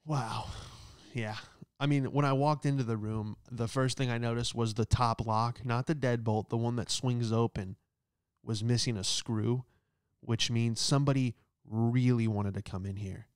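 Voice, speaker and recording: A man's voice: medium pitch, fairly even intonation, normal speed, smooth, no room sound, studio quality. A male comedian hosting his own show, delivering a sarcastic, rambling stand-up monologue that keeps tossing in "all right?". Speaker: comedian host.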